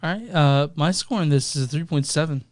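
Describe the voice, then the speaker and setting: A man's voice: on the high side, brisk, no room sound, studio quality. A man co-hosting a movie podcast, laid-back and enthusiastic, swearing casually and reading out review scores. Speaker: podcast co-host.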